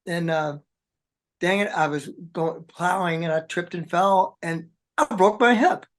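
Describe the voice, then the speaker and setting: A man's voice: high-pitched, measured pace. Rambling, chatty male rock drummer. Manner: rambling, chatty storyteller, says man and dude a lot. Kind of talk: casual interview chat.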